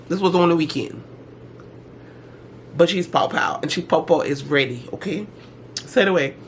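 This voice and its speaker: A middle-aged woman vlogger in casual storytime chat, talking in an animated, slangy way with dramatic asides. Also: low voice, a little hiss or hum.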